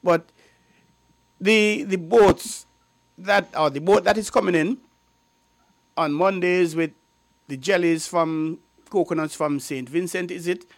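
A man's voice: sits high, gravelly, no echo. A man hosting a radio talk show, asking his guest leading questions. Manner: leading questions, quick interjections. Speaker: radio host.

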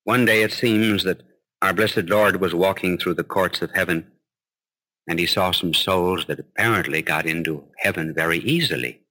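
A man preaching a sermon. He tells a story with gentle humor and recites tender verse. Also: low voice, normal speed.

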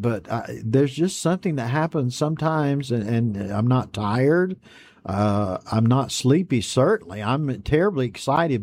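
A man hosting an online Bible study program, reading out viewer greetings and chatting back in a folksy, unhurried way. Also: medium pitch, dark tone, husky. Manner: folksy and unhurried, reads messages aloud then chats back.

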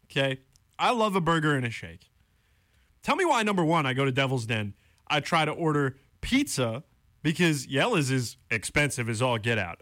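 A man's voice: fairly high pitch, fairly bright tone, no room sound. A young man working as a college radio DJ, ranting on air in a casual, exasperated way and then introducing songs and announcements from a studio microphone. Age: young adult.

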